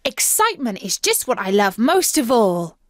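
A woman's voice: a little high, big pitch swings, moderate pace, dry recording, studio quality. A woman reading as an earnest young boy. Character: young boy sailor, eager but nervous.

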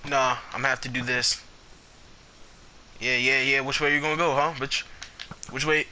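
A young man giving casual gameplay commentary, excitable and foul-mouthed, trash-talking the players he fights. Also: medium pitch, normal speed, noisy background. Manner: excitable, swears a lot, trash-talks opponents.

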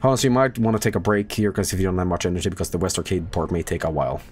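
A man's voice: deep voice, rapid-fire, a little hiss or hum. A man in his thirties giving casual, jokey commentary while streaming a horror game. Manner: animated, jokey, breaks into silly sung bits.

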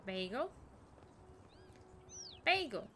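A woman streaming a video game, chatting excitedly, swearing and talking to the characters on screen. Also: a little high, very slow, a little hiss or hum. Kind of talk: casual game commentary.

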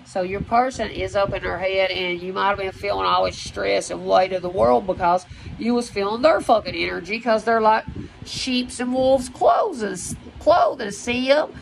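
Gravelly-voiced woman doing a rambling card reading. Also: mid-range voice, steady tone, a little fast, hardly any pauses, a little hiss or hum, rough recording. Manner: rambling and profane, addresses viewers directly. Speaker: spiritual card reader. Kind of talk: casual oracle card reading to viewers.

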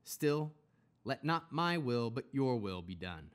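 A man voicing a calm, earnest male teacher and prophet, speaking in a measured, slightly raised voice. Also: medium pitch, smooth.

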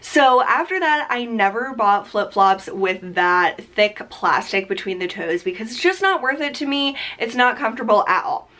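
A woman's voice: a little high, lively intonation, moderate pace, few pauses, sharp tone. Young woman, nasal and stuffed up, chatty beauty vlogger who rambles with lots of fillers. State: congested from allergies. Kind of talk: casual chat.

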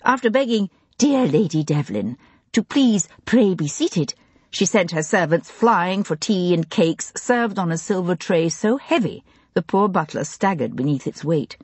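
A woman reads an audiobook in a low, husky voice. Her pitch moves a great deal as she narrates in a measured, expressive way, and the sound is close and dry. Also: no echo. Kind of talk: scripted narration of a historical mystery.

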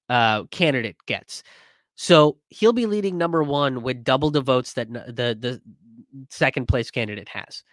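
A man's voice: mid-range voice, a bit bright, dry recording, clean studio sound. A man giving casual, rambling political commentary, sarcastic and sweary, with many fillers and restarts. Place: in a car.

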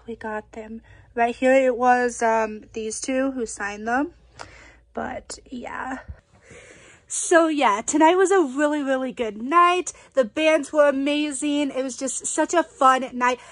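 Young female vlogger, gushing and chatty, high voice, dry close sound. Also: unhurried, no echo. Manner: bubbly, gushing, many "like" fillers. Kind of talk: casual vlog chat. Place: concert venue, then at home.

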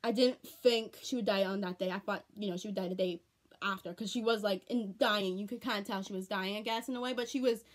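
A teenage girl talks quickly in a steady, mid-range voice during a casual home vlog. Close to tears, she rambles earnestly and keeps repeating herself.

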